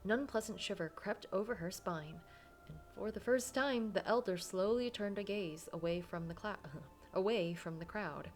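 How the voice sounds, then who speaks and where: A woman's voice: medium pitch, normal speed, soft background music. A woman reading a visual novel aloud, narrating dramatically and breaking off for casual asides. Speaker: game player reading aloud.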